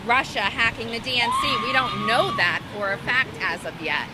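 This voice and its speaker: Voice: medium pitch, lively intonation, moderate pace. A rally attendee arguing in the street, insistent and repeating questions to push back. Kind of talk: heated street argument. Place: outdoor political rally. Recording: loud crowd noise at a rally.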